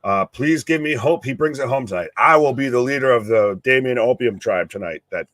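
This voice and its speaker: A man's voice: mid-range voice, brisk, no room sound. Profane, joking male stream co-host. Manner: animated, profane, jokey reactions. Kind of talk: casual live-stream commentary.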